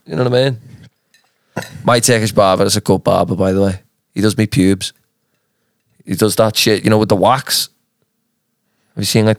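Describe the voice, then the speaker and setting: A man's voice: lowish voice, dry recording. Young man, Mancunian accent, crude jokey banter, dry close sound. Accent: Mancunian English. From England. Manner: crude, joking, laughs a lot. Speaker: podcast co-host. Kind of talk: casual banter.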